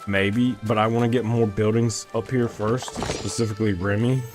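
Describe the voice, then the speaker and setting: A young male gaming streamer chats casually with his viewers mid-game, his voice low-ish with fairly even intonation and a moderate pace. He rambles and keeps restarting his sentences, with soft music playing behind him.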